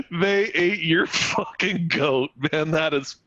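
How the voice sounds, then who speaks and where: A man co-hosting a casual podcast who teases his friend and laughs often, with a slow drawl. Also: fairly high pitch, bright, forceful tone, dull audio. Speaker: podcast co-host. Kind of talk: casual chat.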